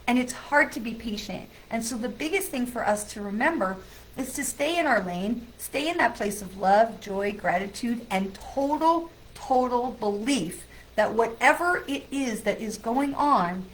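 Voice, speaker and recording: A middle-aged woman, a psychic medium, casually telling a personal story to her viewers in a chatty, animated way. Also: on the high side, a little slow, rough recording.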